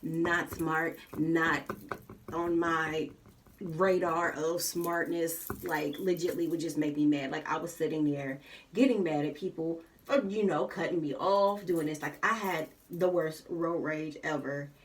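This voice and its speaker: Lady vlogging, low-ish voice, rambles and repeats herself, kinda far from the mic. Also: fairly even intonation, a little slow, slight background noise. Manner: candid, rambling, repeats herself, lots of fillers. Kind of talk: casual chat.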